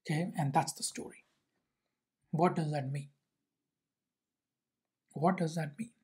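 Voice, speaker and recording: A teacher telling a Zen story and explaining it in a measured way, often asking "see?". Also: medium pitch, fairly even intonation, darkish tone, slightly rough. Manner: measured, repeats rhetorical questions and "see?".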